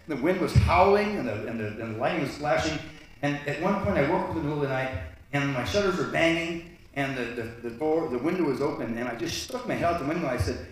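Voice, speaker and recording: A man telling a personal story live on stage, animated and full of restarts. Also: on the high side, fast talker. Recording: echoey hall from far off.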